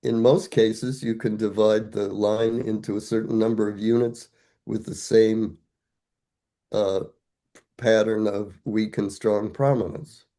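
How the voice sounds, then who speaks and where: A man's voice: lowish voice, level tone, unhurried, mellow. An older man, a guest scholar, explaining ideas step by step in a thoughtful, conversational academic way, asking himself rhetorical questions.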